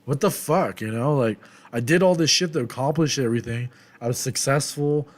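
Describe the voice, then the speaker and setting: Rambling, subdued young man venting. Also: brisk. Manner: rambling, swears a lot, heavy fillers; low, subdued and reflective, trailing off quietly. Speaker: vlogger. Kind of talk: candid confessional vlog.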